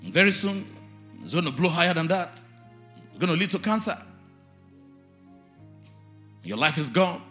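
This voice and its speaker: A man, a pastor, preaching a sermon with shouted lines and sing-song call-and-response. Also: fairly high pitch, sing-song, moderate pace, pauses often, soft background music.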